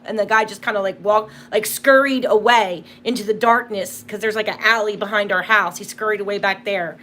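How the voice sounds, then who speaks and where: A woman's voice: mid-range voice, fairly quick, hardly any pauses, a bit bright. A young woman hosting a casual livestream from home, telling stories in a chatty way full of fillers. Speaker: livestream host.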